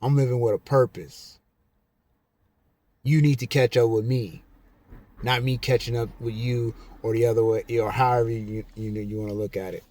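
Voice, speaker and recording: A man vlogger giving a casual, emphatic monologue to camera, slowing down and repeating his key lines. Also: mid-range voice, fairly even intonation, warm tone. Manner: slow, repetitive, emphatic.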